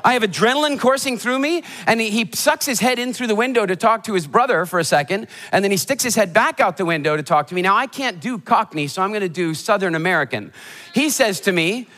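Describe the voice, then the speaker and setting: A motivational speaker telling funny stories in a keynote talk before a live audience, animated and acting out the voices of people in his stories. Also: high-pitched, quick pace. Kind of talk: humorous storytelling keynote talk. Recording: hall reverb of a live talk.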